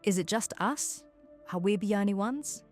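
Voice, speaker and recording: A man voicing Lilith, a frightened young woman newly turned vampire, in a soft, hesitant, high falsetto. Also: normal speed, soft background music, natural voice. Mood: timid.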